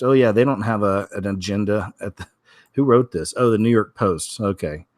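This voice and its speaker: Laid-back low-voiced man commenting. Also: moderate pace, dry recording. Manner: laid-back, chatty, trailing asides. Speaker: video commentator. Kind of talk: casual commentary on news clips.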